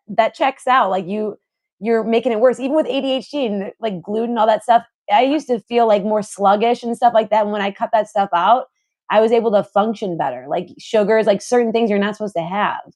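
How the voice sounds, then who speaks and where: In a casual podcast chat, a young adult co-host speaks in a mid-range, slightly mellow woman's voice. Her delivery rambles with many fillers and restarts, and laughter comes often.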